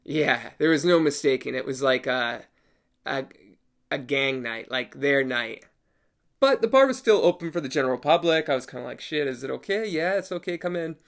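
A man casually telling a personal story, animated, laughing often and swearing casually. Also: medium pitch, moderate pace, gravelly.

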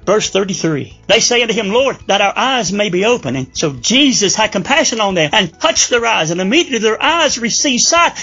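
A man preaching a fervent sermon as pastor, reading scripture slowly and rising to urgent appeals. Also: sits high, a bit bright, slightly rough, dull audio.

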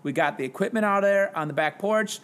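A man who teaches high school English, a podcast guest telling self-deprecating, animated stories in casual chat. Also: brisk. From Wisconsin, US.

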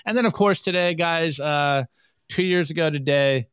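A man's voice: fairly high pitch, normal speed, clean tone, dry recording. A man co-hosting a show, chatting casually and animatedly as he reviews memes. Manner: animated, jokey, puts on voices for quoted memes. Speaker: podcast co-host. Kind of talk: casual meme review chat.

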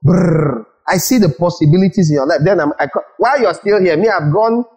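A man's voice: sits high, animated, fast talker, darkish tone, low-quality recording. A man from Nigeria preaching a sermon as pastor, acting out little scenes and repeating words for emphasis.

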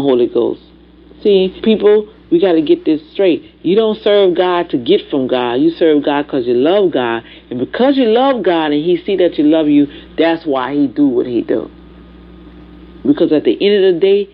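A woman preaching a sermon, with lively call-and-response asides to the congregation. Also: sits low. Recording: dull lo-fi recording.

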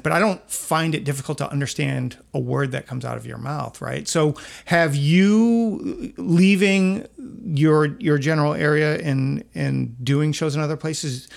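A man's voice: fairly high pitch, creaky. A male interviewer in a casual chat, asking long, chatty questions and inviting listener feedback. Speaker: interviewer host.

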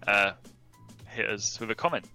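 A young man co-hosting a casual podcast, relaxed and offhand as he wraps up the episode. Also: lowish voice, normal speed, clear, resonant tone, soft background music. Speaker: podcast co-host.

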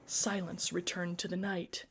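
A woman telling a story with an expressive, dramatic reading. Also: on the low side, unhurried, a little hiss or hum. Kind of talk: storytelling narration.

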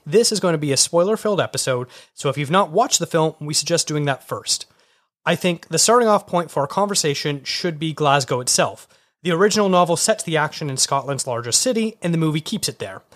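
A man hosting a film podcast, steering the discussion in a measured way with questions. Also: fairly high pitch, lively intonation, a bit bright. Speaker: podcast host.

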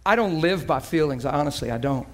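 A man's voice: a little high, animated, fairly quick. A male preacher delivering an emotional sermon, moving between playful banter, laughter and earnest prayer.

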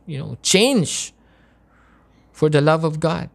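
A woman's voice: sits low, animated, slow pace, vocal fry, a little mellow. A woman preaching a sermon, impassioned and emotional, asking repeated rhetorical questions.

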